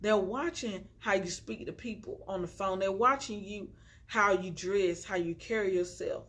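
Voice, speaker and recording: A woman's voice: medium pitch, normal speed, fairly bright tone. A young adult woman vlogging to her phone from the floor at home, chatty and preachy, encouraging her viewers. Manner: chatty and preachy, constantly saying y'all. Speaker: inspirational vlogger. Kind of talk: casual encouraging talk to camera. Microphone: phone on a tripod with ring light.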